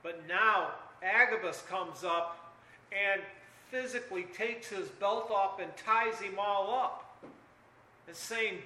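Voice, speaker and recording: An older man preaching a sermon earnestly, dropping low and quiet, then rising loud and urgent. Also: takes it slowly, echoey room, poor audio.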